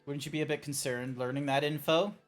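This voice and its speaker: A man's voice: fairly high pitch, fairly even intonation, brisk, soft background music. A man streaming a game, chatting casually and rambling through joking tangents. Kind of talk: casual live-stream chat.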